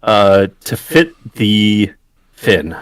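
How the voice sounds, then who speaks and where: A man describes his character's actions in a tabletop game at an unhurried pace. His voice sits low and the recording is dry and close. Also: very animated, smooth, dry recording. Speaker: player.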